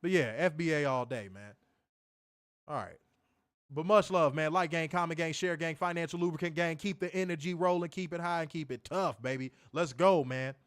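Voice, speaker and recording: Livestream wrestling reviewer, male, lively and profane, higher-pitched, dry mic. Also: moderate pace, no echo. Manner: animated, profane, slangy, reads chat aloud.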